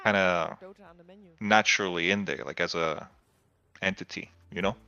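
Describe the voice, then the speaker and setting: A man's voice: deep voice, normal speed, bright, forceful tone. A man speaking English as a second language in casual chat, searching for words and piling up fillers. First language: not English. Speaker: co-host. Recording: dull lo-fi audio.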